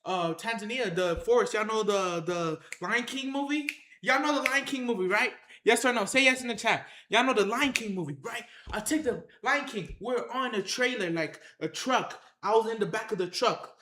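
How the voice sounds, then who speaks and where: A man with a high, bright voice tells a rambling tale on a livestream, looping back over himself and calling out to his viewers. The sound bounces around an echoey room. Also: normal speed, a little hiss or hum. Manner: animated, repetitive, addresses the chat directly.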